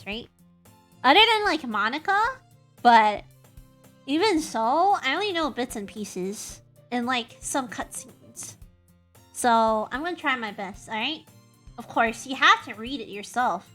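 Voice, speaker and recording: A woman's voice: sits high, pushed and bright. A woman streaming a game, chatting casually with her viewers, greeting them by name and teasing herself. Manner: chatty, self-mocking, greets chat by name; playful, hums and makes silly noises. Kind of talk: casual live-stream chat.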